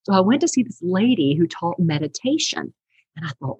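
Middle-aged woman guest, low and husky, lively storyteller, dry close recording. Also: fairly quick, dry recording, low-quality recording. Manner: animated storytelling, laughs often. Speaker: guest, counselor and teacher. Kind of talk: conversational podcast interview.

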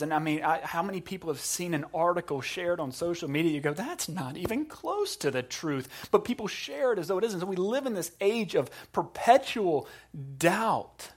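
A man preaching a sermon, moving between quiet, intense passages and loud, impassioned ones. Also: on the high side. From South Carolina. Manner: dynamic preaching, swinging from hushed to loud. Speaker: pastor.

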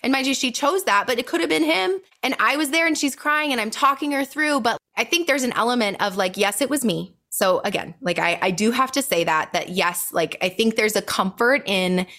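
A woman's voice: fairly high pitch, expressive, brisk, hardly any pauses, sharp tone. A young adult woman, a birth coach, telling a story in casual podcast chat with passionate, emphatic delivery.

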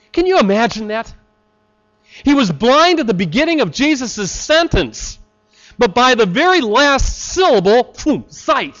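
A man preaching a sermon, slow and deliberate, with dramatic pauses. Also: high voice, fairly bright tone. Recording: slightly dull lo-fi recording.

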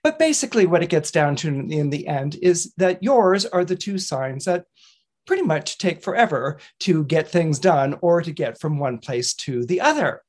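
A male astrologer and weekly horoscope columnist, telling a fable in a chatty, animated way and chuckling as he goes. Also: a little high, normal speed. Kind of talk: casual storytelling talk.

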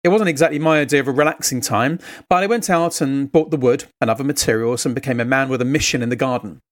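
A man's voice: medium pitch, fast. A man preaching a sermon, telling a family story in a conversational, earnest way. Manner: earnest, exhortative.

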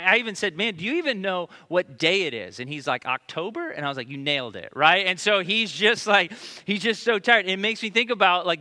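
Male pastor, 30s, bright and slightly high-pitched, casual storytelling sermon that turns emphatic or hushed. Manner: conversational storytelling, rising to emphatic questions then dropping to hushed prayer.

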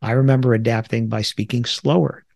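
Man, middle-aged, new york area accent, gravelly, dry close mic, reflective podcast host. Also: mid-range voice, steady tone, a little fast, darkish tone, dry recording. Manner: conversational, reflective, self-deprecating asides. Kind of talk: solo podcast monologue.

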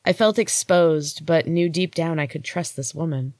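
A woman host reading a first-person story in a steady, unhurried way. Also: sits low, dry recording, studio quality. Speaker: podcast host and story reader.

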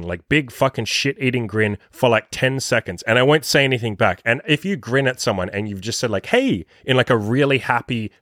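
A man giving dating advice as a podcast host, talking casually and swearing a lot, acting out quoted lines in a higher voice. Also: dry recording, studio quality. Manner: profane, animated, acts out his own quotes in a higher voice. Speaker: dating coach.

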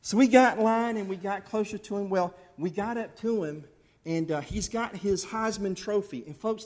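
A middle-aged man preaching a sermon, swinging between loud fervent bursts and soft intimate asides. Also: high-pitched. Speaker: pastor.

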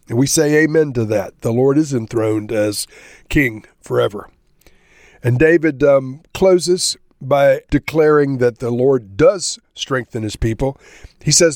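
A man reading a psalm aloud and explaining it in a devotional teaching, unhurried, stressing the verses he reads. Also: medium pitch, a little mellow, dry recording, studio quality. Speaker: Bible teacher.

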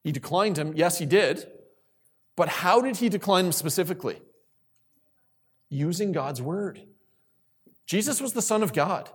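Man, youth sermon, slightly high voice, repeats phrases, questions to the room. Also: expressive, unhurried, pauses often, husky. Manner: asks questions and calls on listeners; repeats key phrases for emphasis. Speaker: youth speaker.

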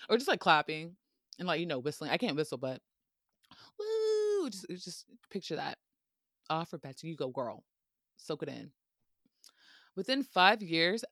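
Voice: medium pitch, fairly bright tone, no echo. Casual podcast host, playful and jokey, talking over a dry, close sound. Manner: playful and chatty, with joking asides and frequent laughter. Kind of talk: casual history podcast narration.

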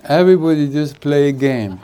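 A man speaking as a spiritual teacher at a retreat, giving an unhurried satsang talk with jokes and chuckling between his thoughts. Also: fairly high pitch, lively intonation, mellow, clean tone. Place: retreat hall.

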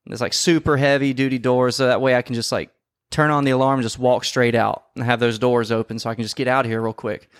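A man telling a story in casual podcast chat, swearing often and acting out quoted lines loudly. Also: medium pitch, fast, clean tone, no room sound, clean studio sound. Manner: profane, animated, acts out quotes loudly. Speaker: podcast co-host.

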